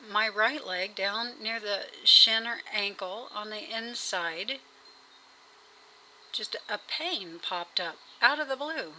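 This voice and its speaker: A woman's voice: mid-range voice, takes it slowly, bright, forceful tone, a little hiss or hum, poor audio. A woman talking in a casual video diary, rambling and hesitant, with many fillers and restarts. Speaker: vlogger. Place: at home.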